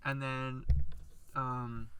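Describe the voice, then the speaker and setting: A young man from Canada co-hosting a podcast, telling an animated story and acting out other people's lines. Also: mid-range voice, extremely slow, a little hiss or hum. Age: young adult. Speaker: podcast co-host. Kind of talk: casual storytelling chat. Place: outdoors, in a thunderstorm.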